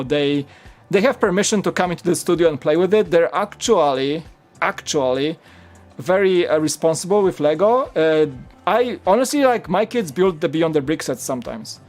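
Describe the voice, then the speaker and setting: A chatty man in his thirties hosts a casual live stream, his voice sitting fairly high. He laughs often as he talks. Soft music plays underneath. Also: lively intonation, moderate pace.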